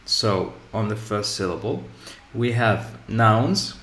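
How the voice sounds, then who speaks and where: A man teaching an English pronunciation lesson, speaking deliberately and repeating each example word several times for emphasis. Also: lowish voice, animated, fairly bright tone. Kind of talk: grammar lesson. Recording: echoey room.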